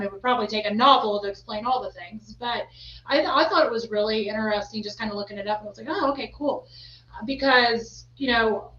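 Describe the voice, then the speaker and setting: In a roomy, somewhat dull recording, a woman hosts a casual podcast conversation, chatty and rambling with plenty of fillers. She speaks at a medium pitch in a slightly bright voice.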